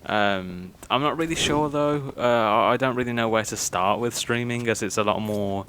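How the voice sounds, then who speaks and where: A man's voice: medium pitch, moderate pace. A young man, talking casually over gameplay in a rambling, hesitant way, full of fillers. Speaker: gaming YouTuber. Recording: steady background noise.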